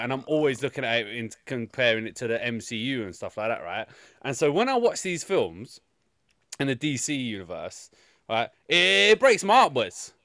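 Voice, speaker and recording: A man's voice: medium pitch, a bit bright, no echo, studio quality. Stammering man ranting about a film. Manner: rambling, stammering restarts, crude jokes. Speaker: podcast co-host. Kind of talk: casual chat.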